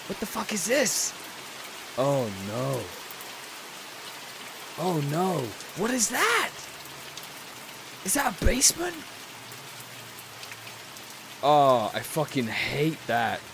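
A man's voice: fairly high pitch, wildly swooping pitch, extremely slow, gravelly, long pauses, noisy background. A man doing horror game commentary, stressed and jumpy, swearing and yelping when startled, his voice breaking. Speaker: gaming streamer.

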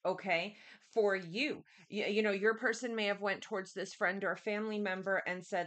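Woman, tarot reader, mid-pitched voice, casual and repetitive, keeps addressing the viewer directly. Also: fairly even intonation, moderate pace, few pauses, fairly bright tone.

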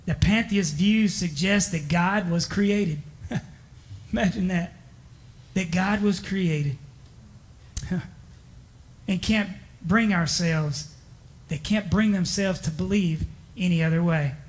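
Man, pastor, high voice, folksy emphatic sermon. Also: slow. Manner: folksy, emphatic preaching with repetition and small chuckles. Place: church.

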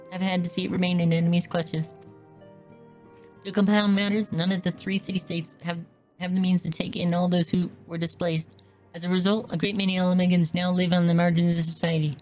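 A woman reading aloud as a calm, formal female leader in a game, measured and composed. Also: lowish voice, natural voice.

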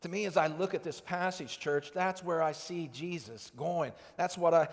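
High-voiced preacher in a reverberant sanctuary. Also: male voice, normal speed, vocal fry. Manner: earnest, conversational preaching with rhetorical questions. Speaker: pastor. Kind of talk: sermon. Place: church sanctuary. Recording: church sanctuary with long reverb.

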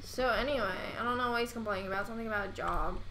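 A girl in her teens chatting and rambling through a Minecraft let's play, breaking into loud excited bursts. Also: a little high, very fast, background noise. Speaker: gaming YouTuber. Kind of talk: casual let's play commentary.

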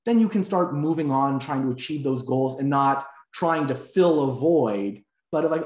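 A man's voice: medium pitch, lively intonation, normal speed, a little mellow. A man, a breathwork instructor, telling stories in a reflective, earnest way during a casual interview. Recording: roomy echo.

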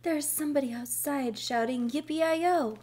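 Woman doing a meek, nervous younger sister, lifted pitch, soft and apologetic storybook sibling. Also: animated, unhurried. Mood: excited.

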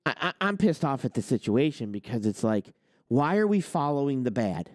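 On his trucking talk channel, a man delivers a ranting opinion monologue, heated and sarcastic, swearing and mocking others in put-on quotes. His medium-pitched, darkish voice is very animated at a moderate pace, and the recording is dry and clean, studio quality.

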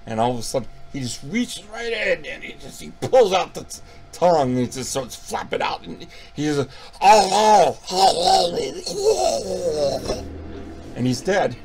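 Gravelly, profane horror reviewer man. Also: a little high, normal speed. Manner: profane, playful, animated retelling. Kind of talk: casual video review.

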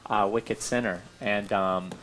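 A man's voice: lowish voice, steady tone, takes it slowly, fairly bright tone, a little hiss or hum. Upbeat chatty male talk show co-host. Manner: chatty, upbeat, many fillers and laughs. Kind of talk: casual talk show chat.

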